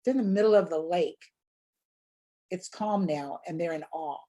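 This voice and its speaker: Warm low-voiced woman leading a preaching workshop. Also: normal speed. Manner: reflective, poses rhetorical questions. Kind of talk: teaching on sermon delivery.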